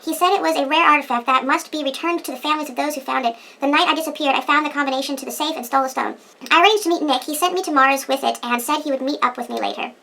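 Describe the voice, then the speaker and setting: A woman voicing a young runaway heiress, reading the game dialogue quickly. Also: high voice, vocal fry, pushed and bright, pitched above the performer's own voice, full character voice. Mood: confiding.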